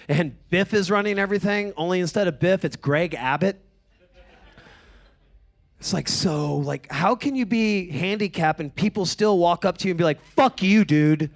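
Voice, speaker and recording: A high-voiced man works a stand-up set. His delivery is sardonic and profane, and it climbs into loud, animated rants. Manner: animated, escalating into high-pitched shouting in character bits. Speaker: stand-up comedian. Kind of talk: stand-up comedy storytelling.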